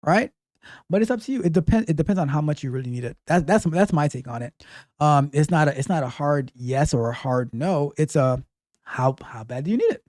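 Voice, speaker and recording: A male host gives casual advice on a call-in show. His pitch jumps up and down as he drives each point home with emphatic repeats. The sound is dry and close, with almost no room echo. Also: a little fast. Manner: animated, emphatic, repeats phrases.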